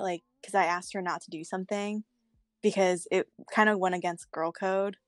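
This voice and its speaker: Candid young woman, low voice. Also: normal speed, no room sound, clean studio sound. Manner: candid storytelling, swears freely. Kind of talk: casual chat.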